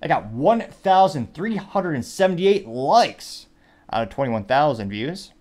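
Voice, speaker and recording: A man's voice: on the high side, very animated, unhurried, a little mellow. A man hosting a commentary show, reading social media posts and memes aloud with wry, rambling asides. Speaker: host.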